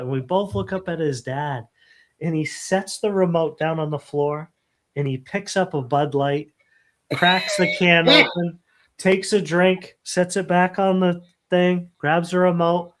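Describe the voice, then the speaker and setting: A middle-aged man hosting a casual live stream, telling animated stories and acting out quotes. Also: fairly high pitch, measured pace. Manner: animated storyteller, acts out quotes. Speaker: host.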